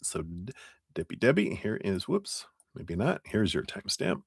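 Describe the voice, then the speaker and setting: A man giving casual live tarot readings on a stream, talking in a gentle, rambling, encouraging way. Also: on the low side, very animated, moderate pace, gravelly, breathy edge, dry recording. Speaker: tarot reader.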